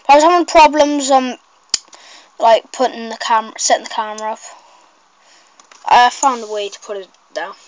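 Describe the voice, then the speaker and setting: A woman giving casual, rambling gameplay commentary, excitable and shrieking at mishaps. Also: a little high, moderate pace, long pauses, poor audio.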